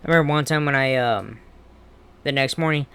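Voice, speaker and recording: A man with a smooth, resonant voice at an ordinary middle pitch, ranting in a casual wrestling commentary vlog. He is blunt and heated, swearing freely as he talks. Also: a little fast, fairly bright tone.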